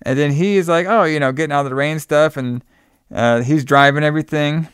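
A man recapping a movie in casual chat, animated, laughing and swearing often. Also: fairly high pitch, fairly quick, clean tone, no echo, clean studio sound.

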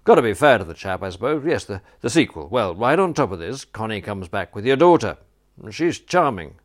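A peevish old duke who rambles and blusters, sounding low and a touch louder than the teller's own voice, as a man reads him aloud. He grumbles on in a storybook reading. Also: sing-song, a little fast. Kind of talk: audiobook character voice.

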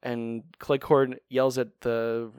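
A man's voice: mid-range voice, level tone, slow pace, darkish tone, clean tone, dry recording, studio quality. A man co-hosting a casual podcast, recapping a cartoon episode in a rambling, wry and profane way. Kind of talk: casual chat.

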